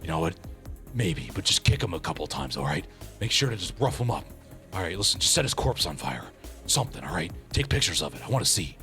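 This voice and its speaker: A man's voice: deep voice, sing-song, fast, pushed and bright, faint music behind. A man streaming a game, joking and rambling in a theatrical way as he reads along. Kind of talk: casual game stream commentary.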